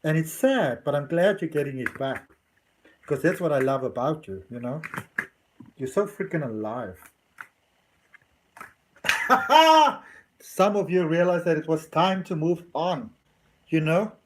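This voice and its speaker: A man's voice: on the high side, normal speed, noisy background. A man giving a chatty, affectionate tarot reading at home. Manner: effusive and affectionate, chatty with many "you know"s. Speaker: tarot reader. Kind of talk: casual tarot reading to camera.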